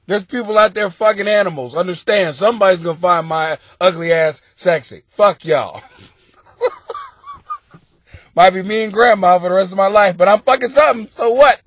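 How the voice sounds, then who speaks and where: A middle-aged man hosting a comedic advice podcast, rowdy and profane, often breaking into loud laughter. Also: sits high, normal speed, no echo. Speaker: podcast host giving advice.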